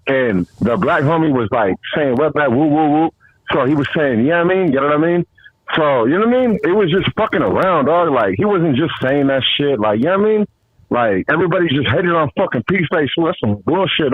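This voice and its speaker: A man's voice: fairly high pitch, dry recording. A man calling in to a talk show, speaking in a profane, insistent way. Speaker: caller. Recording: tinny phone line.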